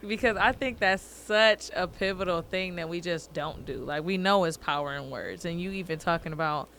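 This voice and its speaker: A woman's voice: fairly low pitch, moderate pace, a bit bright, a little hiss or hum. A woman hosting a casual interview, asking questions and giving many short, encouraging replies. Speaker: interview host.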